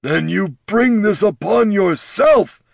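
A man's voice: fairly high pitch, animated, takes it slowly, vocal fry, fairly bright tone, slightly rough, no room sound, clean studio sound, pitched above the performer's own voice, full character voice. A man voicing a huge male orc chieftain who bellows and chokes with raw emotion. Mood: bellowing. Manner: bellowing, voice cracking into sobs.

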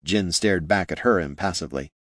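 Low-voiced man narrating a fantasy story. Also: brisk, no echo, studio quality. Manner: expressive storytelling.

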